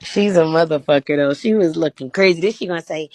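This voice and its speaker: A woman's voice: low voice, quick pace, few pauses, darkish tone, dry recording. A woman trading sassy, profane gossip commentary on a live stream, laughing often.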